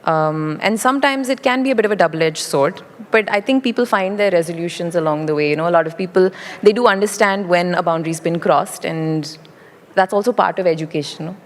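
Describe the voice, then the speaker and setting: A woman's voice: on the low side, a little fast. A young woman, an actress, answering questions thoughtfully and articulately in an on-stage interview. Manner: articulate, thoughtful, lively with light laughs. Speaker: actress guest. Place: large indoor conference stage. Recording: reverberant event hall.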